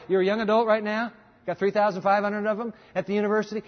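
A man's voice: high voice, rapid-fire. A middle-aged male preacher giving an emphatic, conversational sermon, often restarting phrases as he presses his point. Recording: dull sound with long reverb of a hall.

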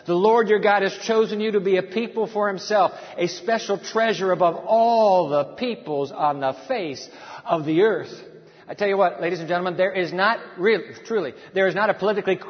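A man's voice: high-pitched, brisk. A man preaching a sermon, speaking emphatically and firing rhetorical questions at the congregation. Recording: dull sound in a reverberant hall.

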